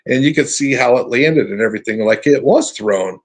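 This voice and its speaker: Husky-voiced man telling a spooky story. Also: mid-range voice. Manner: earnest, halting, restarts often. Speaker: podcast guest telling his encounter story. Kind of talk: casual storytelling.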